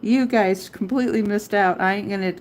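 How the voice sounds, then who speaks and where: A woman's voice: medium pitch, fairly even intonation, fairly quick, a little hiss or hum. A middle-aged woman hosting a live crochet tutorial, chatting casually and counting her stitches aloud. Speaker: crochet livestream host.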